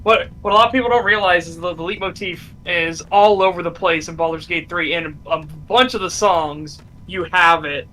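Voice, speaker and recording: A male streamer with a high, bright voice, talking in an excitable, casual way and swearing freely. Faint room ambience hums behind him. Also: moderate pace, few pauses, slight background noise, poor audio. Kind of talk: casual gaming chat.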